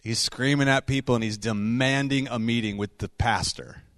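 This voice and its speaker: A man's voice: medium pitch, dry recording, studio quality. Man preaching in a storytelling voice. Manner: conversational, animated storytelling with quick asides and laughs. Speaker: pastor. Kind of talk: sermon storytelling.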